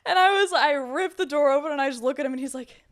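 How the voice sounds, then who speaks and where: A woman's voice: high voice, fast, fairly bright tone. A young woman co-hosting a podcast, telling a story in casual chat, full of "like" fillers. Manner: chatty storytelling with many fillers. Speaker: podcast co-host.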